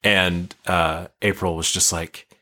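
A man's voice: low-pitched, flat delivery, slow, sharp tone. A young man co-hosting a podcast, rambling casually with lots of fillers and self-deprecating asides. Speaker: podcast co-host. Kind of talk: casual chat.

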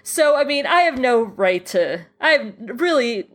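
A woman's voice: on the high side, very animated, measured pace, a bit bright. A woman co-hosting a podcast, chatting casually about a TV episode with a hesitant style full of restarts. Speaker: podcast co-host. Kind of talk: casual chat reviewing a TV episode.

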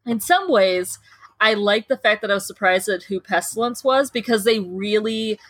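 A woman co-hosts a podcast in easy, casual chat. She gushes with animated enthusiasm. Her voice sits at a middle pitch and is recorded dry and close. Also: moderate pace, no room sound. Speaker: podcast co-host.

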